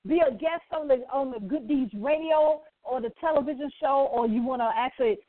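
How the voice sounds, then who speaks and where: A woman's voice: high-pitched, a little fast. A woman hosting a Christian radio talk show, exuberant and preachy, laughing often and calling out "amen". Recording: tinny phone-like line.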